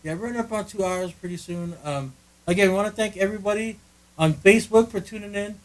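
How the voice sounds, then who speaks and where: A man's voice: high-pitched, fast, poor audio. A man co-hosting a casual podcast from a friend's living room, rambling and joking with lots of restarts. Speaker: podcast co-host. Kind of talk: casual chat.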